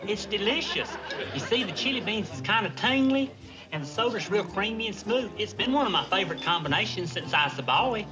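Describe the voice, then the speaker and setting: An actor playing a naive, cheerful young Marine private with a folksy Southern drawl, polite and earnest, in a 1960s TV sitcom. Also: male voice, sits high, animated, fairly quick. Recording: TV soundtrack with laugh track and music.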